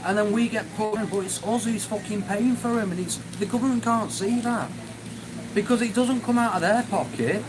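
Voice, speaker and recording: A British man hosting a live stream reads and answers chat while ranting angrily and swearing heavily. His voice sits high, he talks at a normal speed, and there's background noise.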